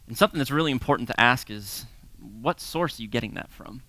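A man's voice: medium pitch, fast talker, no room sound. A man in his thirties or forties, from the United States, giving a sermon-style talk full of personal stories, chuckling often and acting out voices. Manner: lively storyteller, chuckles often, acts out voices. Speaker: pastor teaching a series.

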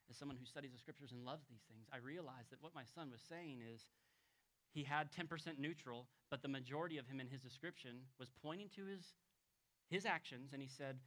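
A male pastor preaching a sermon in an emphatic way, dropping to hushed tones and rising to loud exclamations. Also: fairly high pitch, brisk.

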